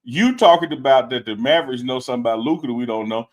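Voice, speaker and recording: A man's voice: medium pitch, quick pace, hardly any pauses. A man co-hosting a live sports talk stream, teasing his partner and repeating his points for emphasis. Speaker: co-host. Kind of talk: casual sports debate. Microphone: live stream setup.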